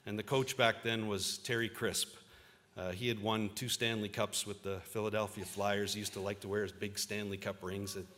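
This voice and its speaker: A man's voice: fairly low pitch, flat delivery, moderate pace, fairly bright tone, long reverb tail. A man in his fifties, a journalist giving a convocation speech and telling anecdotes with a few fillers. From Ontario, Canada. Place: large auditorium.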